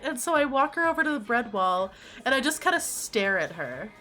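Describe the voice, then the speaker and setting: A young woman hosts her stream in casual chat, telling stories packed with "like" and laughing often. Her voice is fairly high and brisk with a sharp tone and big pitch swings, and faint music plays behind her.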